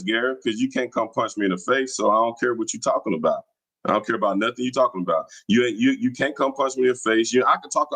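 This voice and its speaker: A man's voice: medium pitch, fairly bright tone, low-quality recording. A man hosting a livestream, talking in a combative, taunting, slangy way. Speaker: livestream host. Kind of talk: casual livestream talk. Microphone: streaming mic.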